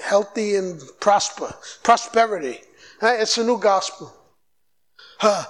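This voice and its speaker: A man's voice: high-pitched, a little slow. A man giving a sermon as a guest preacher, exhorting the crowd and acting out short exchanges in his own voice. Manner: exhorting, animated, mimics dialogue.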